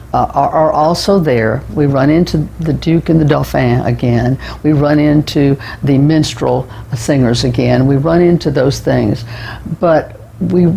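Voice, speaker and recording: Gravelly man giving a rambling book review. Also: a little high, a little mellow, a little hiss or hum, poor audio. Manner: rambling, with restarts and repeated words. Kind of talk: casual spoken book review.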